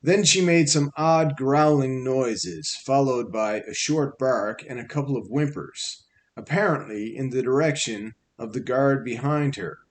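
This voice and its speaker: A man narrates an audiobook at an unhurried, deliberate pace. His voice sits in the middle range, and his delivery is wry and measured, the manner of a practiced storyteller. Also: mid-range voice.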